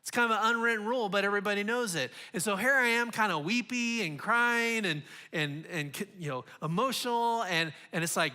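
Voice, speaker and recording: A man's voice: high voice, brisk, few pauses, pushed and bright, clean tone. A man in his forties giving a sermon as a guest speaker, earnest and confessional, often restarting his sentences.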